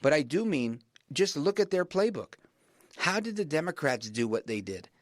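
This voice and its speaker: A man hosting a talk radio show, delivering an emphatic monologue that keeps rising in pitch to stress his points. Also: very animated, moderate pace, dry recording, clean studio sound.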